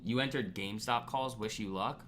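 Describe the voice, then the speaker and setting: A man's voice: fairly low pitch, moderate pace, a bit bright, a little hiss or hum. A man hosting a live trading stream, ranting bluntly and with exasperation at viewers' poor trades. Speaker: trading livestream host.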